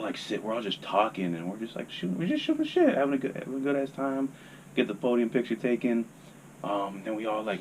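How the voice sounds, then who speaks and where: Deep-voiced young man telling a story. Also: slight background noise. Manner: laid-back, swears freely, rambling. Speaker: podcast guest. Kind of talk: casual storytelling.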